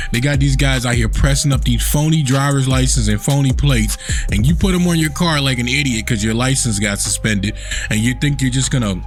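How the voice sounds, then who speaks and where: A man hosting a reaction video in casual commentary, laughing often and mocking people with put-on voices. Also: mid-range voice.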